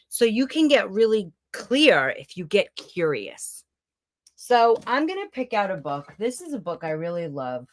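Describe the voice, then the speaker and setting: A woman's voice: mid-range voice, unhurried, no echo, studio quality. A middle-aged woman from Brooklyn, chatting casually and rambling a little as she hosts a motivational challenge from a room at home. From Brooklyn, New York. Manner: chatty, animated, rambling with asides. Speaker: host of a self-help challenge series. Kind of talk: casual motivational talk to camera.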